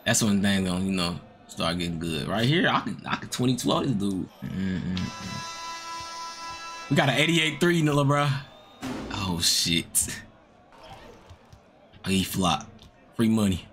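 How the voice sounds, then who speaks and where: A man talks his way through his own basketball video game with music playing under him. He mutters numbers and plans half to himself, then spikes loud and high when a shot drops, swearing and taunting the players on screen. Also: expressive, a little slow, long pauses. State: out of breath. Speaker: gaming YouTuber. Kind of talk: live gameplay commentary.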